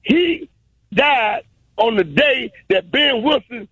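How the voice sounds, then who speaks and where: A man's voice: very high-pitched, lively intonation, slow pace, a bit bright, husky, dry recording. An older man calling in as a community elder, preachy and insistent, talking in proclamations over a muffled phone line. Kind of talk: phone-in tribute.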